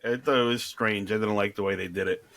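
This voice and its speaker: A man co-hosting a podcast, talking sports in a relaxed, rambling way with frequent restarts. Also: on the low side, fast. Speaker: podcast co-host. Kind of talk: casual sports chat.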